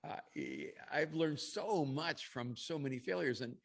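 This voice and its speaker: A man's voice: fairly high pitch, unhurried, gravelly. Reflective man telling a story. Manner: reflective, laughs between phrases. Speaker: podcast guest. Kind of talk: storytelling interview answer.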